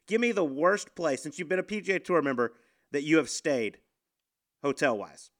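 A man hosting a casual podcast chat, upbeat and animated as he tells stories. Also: fairly high pitch, normal speed. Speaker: podcast host.

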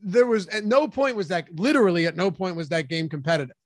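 Man, high voice, dry close sound, emphatic fantasy football co-host. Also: fast talker, no room sound. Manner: emphatic, argumentative. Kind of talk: fantasy football analysis chat.

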